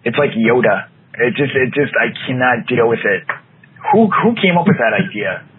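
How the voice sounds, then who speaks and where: Here a male podcast co-host vents with exasperation about television in a loose, chatty exchange, now and then putting on playful voices for quotes. He speaks in a mid-range voice that swings widely in pitch, at a moderate pace. Audio is thin and phone-like, carrying a faint hiss.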